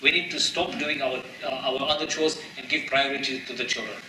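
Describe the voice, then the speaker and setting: A man delivers a sermon in a mosque, emphatic and full of rhetorical questions. His voice is bright and cutting, and his delivery is quick. He is heard from a distance across an echoing prayer hall. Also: medium pitch, steady tone, slight background noise. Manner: emphatic, rhetorical questions, repeats phrases, mixes in Arabic and Urdu terms. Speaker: imam giving a mosque talk.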